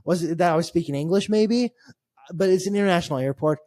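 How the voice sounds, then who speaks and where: A man's voice: high-pitched, fast talker, mellow, no echo, clean studio sound. A man co-hosting a podcast, telling a long travel story in a rambling, wry, exasperated way. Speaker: podcast co-host. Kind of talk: casual chat.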